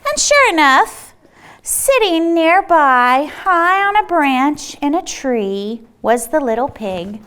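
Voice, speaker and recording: A woman reading a picture book aloud at a children's storytime, expressive, with dramatic gasps. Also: high voice, takes it slowly.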